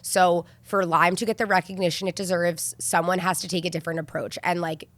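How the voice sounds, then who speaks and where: A woman's voice: lowish voice, little pitch movement, a little fast, a bit bright, no room sound. A woman hosting an interview, speaking in an affectionate, effusive and encouraging way. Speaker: podcast host. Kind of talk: sit-down interview conversation.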